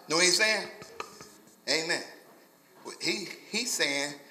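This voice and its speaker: A man's voice: a little high, slow pace, bright, forceful tone, reverberant. A male pastor preaching a sermon in a rhythmic, repetitive call-and-response style with folksy vernacular phrasing. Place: church sanctuary.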